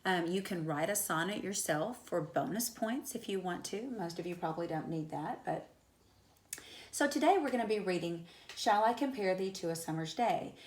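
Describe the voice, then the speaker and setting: A woman's voice: on the low side, animated, normal speed, echoey room. A woman teaching an English class in a recorded lecture, explaining step by step with frequent fillers like "um" and "so.". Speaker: high school English teacher.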